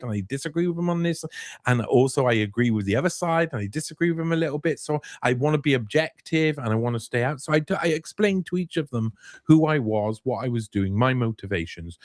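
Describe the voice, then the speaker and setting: A man, a journalist appearing as a guest, recounting events in casual storytelling with lots of halting restarts. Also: medium pitch, no echo, studio quality. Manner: animated, halting with many restarts.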